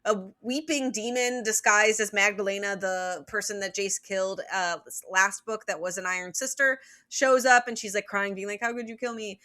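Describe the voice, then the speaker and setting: A woman's voice: medium pitch, fairly even intonation, normal speed, hardly any pauses, bright, forceful tone. A woman co-hosting a podcast, recapping a novel with blunt opinions and a rambling, filler-heavy delivery. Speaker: podcast co-host. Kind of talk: casual book-recap chat.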